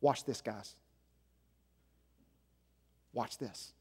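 A man preaching a sermon as senior pastor, swinging between loud emphasis and hushed, low passages. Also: drawn-out words, husky. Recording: long hall reverb.

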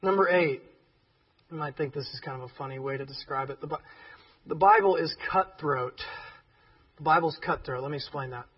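A man preaching a sermon as pastor, emphatic and animated, with joking asides. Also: on the high side, fairly quick, pauses often, distant mic, highs cut off.

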